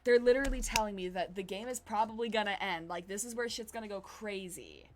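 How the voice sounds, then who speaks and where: A young woman in her twenties streaming a dating game, chatting casually, excitable and giggly, swearing now and then. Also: mid-range voice, fairly quick, a little hiss or hum. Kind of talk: casual gameplay commentary.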